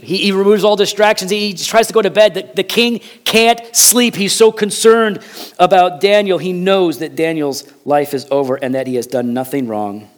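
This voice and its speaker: A pastor delivering a sermon in a somewhat high-pitched male voice. He tells the story with drama, moving between loud emphasis and hushed, low passages. He often repeats a word when he wants it to land.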